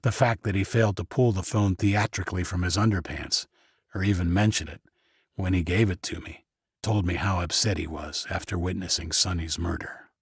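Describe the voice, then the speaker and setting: Low, husky man for first-person audiobook narration, dry booth sound. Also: fairly even intonation, normal speed, dry recording.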